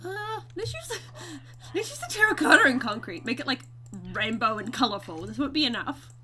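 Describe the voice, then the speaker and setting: A woman's voice: sits high, sing-song, moderate pace, over a noisy crowd. A woman hosting a gaming video, chatting casually and giggling to viewers as she plays. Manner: chatty, giggly, talks to viewers while playing. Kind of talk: casual let's-play commentary.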